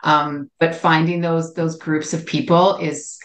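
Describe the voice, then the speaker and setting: A woman co-hosting a podcast as a relationship psychologist, telling an expressive personal story with many restarts. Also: sits low, a little slow, reverberant. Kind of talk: casual podcast chat.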